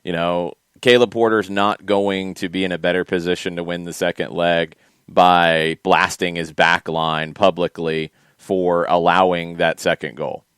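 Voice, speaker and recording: A man co-hosting a casual soccer podcast, emphatic and opinionated, quick to push back. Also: sits low, little pitch movement, fairly bright tone, smooth, dry recording, clean studio sound. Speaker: podcast co-host. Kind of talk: casual sports talk.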